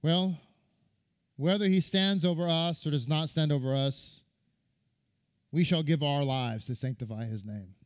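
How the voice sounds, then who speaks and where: A man's voice: on the high side, a little slow, pauses often. A man, a rabbi, giving a sermon that retells a midrash, reading and quoting scripture and repeating words for stress.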